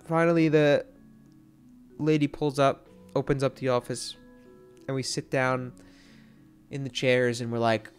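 A young male streamer tells a story in a casual, meandering way. He talks at a middling pitch, stacks filler words and swears often. Faint music plays in the background. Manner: rambling, heavy on "like" fillers and swearing.

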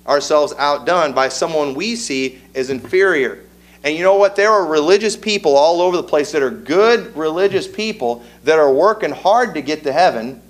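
A pastor delivers a sermon in a somewhat high male voice. He talks like a storyteller, folksy and easygoing, then builds emphasis as he drives his message home in a church service.

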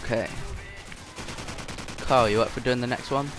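Slow-talking gamer man over gunfire. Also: mid-range voice. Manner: excitable, joking, easily frustrated. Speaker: gaming channel host. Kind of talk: live gameplay commentary. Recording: game gunfire noise behind voice. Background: shooter game gunfire.

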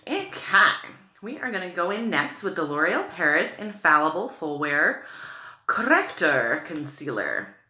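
A woman's voice: lowish voice, pushed and bright, reverberant. A woman from New England chatting through a makeup tutorial, gushing about products and full of "like" and "okay.". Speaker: beauty vlogger.

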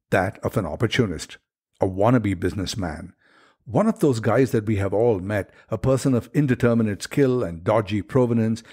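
A man hosting a podcast, reading a scripted introduction with a deliberate, slightly ironic delivery. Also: lowish voice, a little mellow, slightly rough. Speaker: podcast host.

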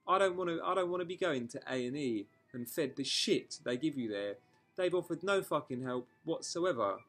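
A man's voice: fairly high pitch, animated, moderate pace, fairly bright tone, soft background music. Frank, sweary man vlogging. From England. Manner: frank, emotional, swears freely, talks in rambling restarts. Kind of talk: candid personal storytelling vlog.

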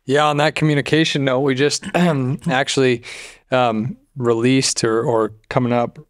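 Flat-voiced man plugging a series. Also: mid-range voice, unhurried, no room sound, studio quality. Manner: plugging a video series with fillers. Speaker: podcast co-host. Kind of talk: casual chat.

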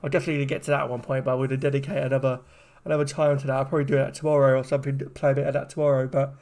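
A man's voice: mid-range voice, level tone, rapid-fire, darkish tone. A man streaming a horror game, chatting casually and rambling to his viewers. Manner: chatty, rambling, addresses chat. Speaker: gaming streamer. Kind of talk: casual live-stream commentary. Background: game music.

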